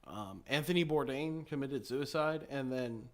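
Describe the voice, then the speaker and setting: A man with a middle-pitched, ordinary voice talks earnestly in a relaxed podcast chat. He speaks plainly and pauses on the odd "um".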